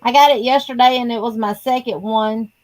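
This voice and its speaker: A woman guest on a video call who talks in a plain, unhurried, matter-of-fact way. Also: on the high side, fairly even intonation, dry recording, rough recording. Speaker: livestream guest. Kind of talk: casual video call chat.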